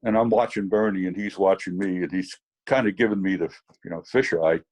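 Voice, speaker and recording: Brief: low, husky man, fly fishing teacher, rambling anecdotes on a video call. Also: brisk, a little mellow, rough recording. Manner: rambling storyteller with fillers.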